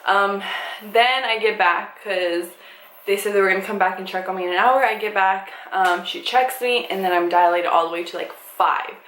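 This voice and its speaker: Young woman, vlogger, casual storytime, animated, acts out quotes, echoey room, faint background hiss. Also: mid-range voice, normal speed. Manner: animated, swears freely, acts out quoted dialogue.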